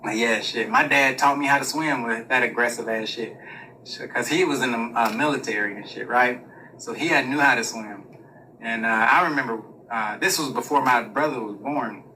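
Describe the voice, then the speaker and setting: A man's voice: medium pitch, moderate pace, bright, forceful tone, recorded from a distance, slight background noise, low-quality recording. A man telling a personal story in a casual, rambling monologue, full of swearing. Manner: profane, rambling, laughs through his own story.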